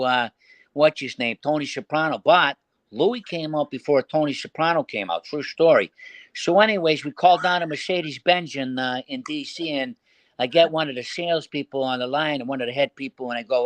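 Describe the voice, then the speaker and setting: A man with a Boston accent, a radio entertainer telling prank-call stories as a guest in a casual interview, animated and quick to slip into voices. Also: fairly high pitch, no room sound. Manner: animated anecdote teller who slips into put-on voices.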